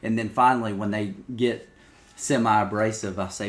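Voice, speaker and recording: A man's voice: fairly low pitch, fairly even intonation, normal speed. A man, a small-town pastor from Alabama, chatting as a podcast guest in an easygoing, storytelling way. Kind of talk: casual interview chat.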